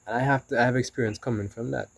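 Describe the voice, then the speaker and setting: A man's voice: medium pitch, fairly even intonation, very fast, creaky, dry recording, poor audio. A man talking casually in a rambling motivational monologue, often saying "you know". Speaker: vlogger.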